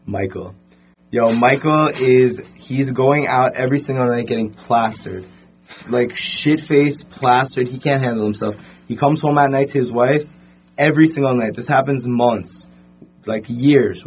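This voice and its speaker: A young man with a mid-range voice tells a story in a casual podcast chat, animated and using lots of fillers.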